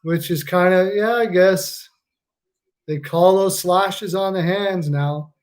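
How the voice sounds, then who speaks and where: Laughing, high-voiced man reacting live. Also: slow, a little mellow. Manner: laughs a lot, swears, loose and joking. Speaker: live stream host. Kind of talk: casual live game reaction commentary.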